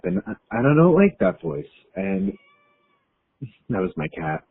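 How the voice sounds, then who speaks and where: A man's voice: low voice, big pitch swings, takes it slowly, vocal fry, slightly rough. A man in his thirties leaving a rambling, nervous, self-doubting voicemail. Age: 30s. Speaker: caller leaving an anonymous voicemail. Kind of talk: confessional voicemail monologue. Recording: tinny phone voicemail line.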